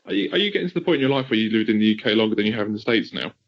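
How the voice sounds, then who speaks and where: This man speaks with a neutral, non-regional English accent at a mid pitch. He throws in dry, deadpan jokes during casual podcast chat. The recording sounds a bit dull and lo-fi. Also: very fast, vocal fry, slight background noise. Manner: deadpan, jokey interjections. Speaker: podcast co-host.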